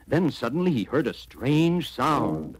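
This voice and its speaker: A man narrating a children's storybook record in an animated, storytelling manner. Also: medium pitch, unhurried, music in the background.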